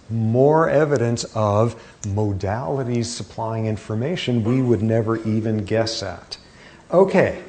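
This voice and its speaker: Middle-aged male lecturer, animated, wry and joking, medium pitch, light background noise. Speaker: university lecturer. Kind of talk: classroom lecture.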